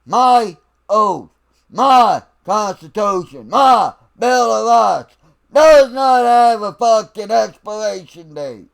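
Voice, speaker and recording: A man barks out a profane political rant in a drill-sergeant style, his voice pushed very high and rough with gravel. He drives every word home slowly, yet the tone stays resonant and full. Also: expressive. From United States. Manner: slow, emphatic, lecturing. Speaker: vlogger.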